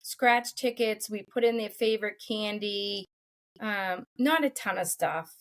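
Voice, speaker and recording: A woman's voice: medium pitch, a little slow. Middle-aged woman, podcast co-host, casual chat, blunt, swears, laughs often.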